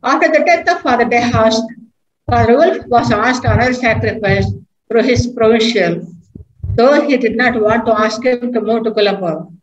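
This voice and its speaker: Brief: fairly high-voiced nun reading history aloud, measured and careful; dull, echoey recording. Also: female voice, slight background noise. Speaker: religious sister giving a reflection.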